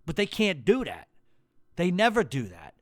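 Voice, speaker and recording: Ny guy going off on a profane rant, kinda high voice, dry close sound, combative. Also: huge pitch swings, moderate pace, fairly bright tone, dry recording. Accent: New York. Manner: heated, swears constantly, blunt and combative. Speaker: podcast host.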